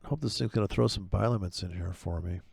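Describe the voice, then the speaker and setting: Man, low and gravelly, exasperated trader swearing at his screen, pitch spiking when riled. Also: quick pace, darkish tone, no room sound, clean studio sound. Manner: foul-mouthed, sarcastic, exasperated; voice jumps far higher when he gets worked up. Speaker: forex trader testing trading robots. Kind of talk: profane ranting commentary over chart playback.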